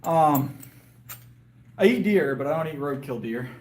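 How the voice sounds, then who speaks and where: A man with a fairly high voice chats loosely with his live viewers, trailing off and restarting with plenty of ums and uhs. His voice sounds a little worn, and he is outdoors in a yard. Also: expressive, measured pace, darkish tone. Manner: rambling, hesitant, lots of fillers and restarts. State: voice getting worn. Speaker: livestreamer and powerlifter. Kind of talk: casual live chat with viewers.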